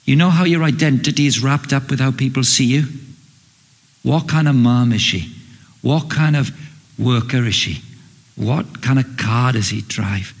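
Gravelly husky male preacher in a hall. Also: medium pitch, moderate pace. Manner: dramatic, acts out scripture with sudden loud and hushed swings. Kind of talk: sermon. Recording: long reverb of a large hall.

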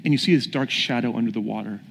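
A man's voice: mid-range voice, fast, gravelly, husky. Man preaching in a reverberant hall. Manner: storytelling, questions the audience. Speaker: pastor. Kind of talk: sermon.

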